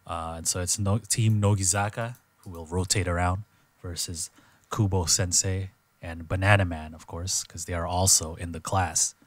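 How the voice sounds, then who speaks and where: A man's voice: low-pitched, fairly even intonation, moderate pace, dry recording. A man co-hosting a casual podcast, retelling a show in a rambling way with plenty of filler words. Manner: rambling storyteller, lots of "like" and "dude". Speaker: podcast co-host.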